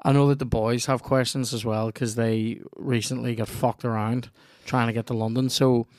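A man's voice: mid-range voice, flat delivery, moderate pace, a little mellow, no room sound, studio quality. A young man from Northern Ireland hosting a podcast, joking and swearing his way through chat and a sponsor read. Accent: Northern Irish. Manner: sweary, joking, laughs often. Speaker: podcast host.

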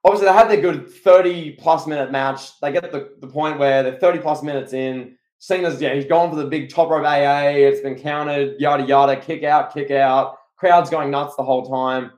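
A man co-hosting a podcast, telling a story in an animated, excitable way. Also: on the high side, moderate pace, few pauses. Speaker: podcast co-host. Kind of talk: casual podcast chat. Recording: echoey room.

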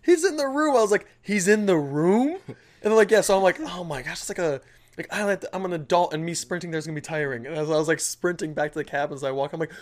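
Fast-talking young man telling stories. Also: fairly high pitch. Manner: animated storytelling with lots of filler. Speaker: podcast co-host. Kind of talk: casual chat.

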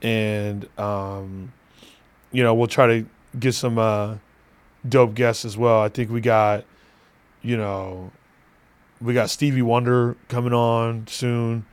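A man's voice: mid-range voice, flat delivery, slow pace, smooth. A man hosting a podcast in loose, joking chat, laughing often and swearing freely. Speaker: podcast host.

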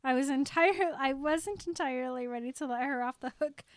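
A woman's voice: sits high, a little fast, no room sound. A woman co-hosting a podcast, laughing and gushing over a story's scenes. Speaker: podcast co-host. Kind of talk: casual book recap chat.

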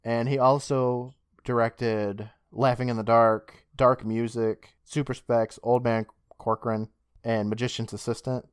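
A man's voice: medium pitch, flat delivery, unhurried, clean tone, no echo, clean studio sound. A man co-hosting a podcast in casual chat, reading out listener questions in a chatty, giggly, upbeat way. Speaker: podcast co-host.

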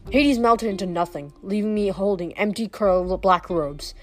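A woman's voice: medium pitch, normal speed. Woman reading a novel aloud, stumbling often. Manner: often stumbles and restarts words. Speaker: reader.

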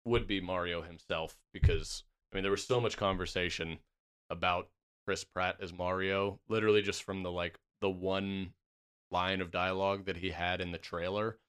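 A man's voice: deep voice, flat delivery, moderate pace, a bit bright, clean tone. A young man co-hosting a podcast, chatting casually and laughing often while sharing opinions. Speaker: podcast co-host. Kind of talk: casual chat.

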